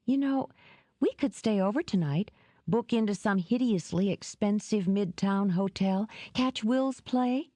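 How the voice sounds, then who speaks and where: A woman's voice: mid-range voice, a little slow, mellow, dry recording, pitched above the performer's own voice, natural voice. A woman reading an audiobook, voicing a playful young woman who talks in an eager, teasing way.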